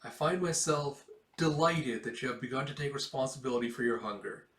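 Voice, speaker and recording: A lofty old father, read by a man, speaks in formal, patient sentences. He sounds solemn and composed throughout. The room gives the voice a clear echo. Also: mid-range voice, brisk, fairly bright tone, far from the mic, natural voice. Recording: roomy echo.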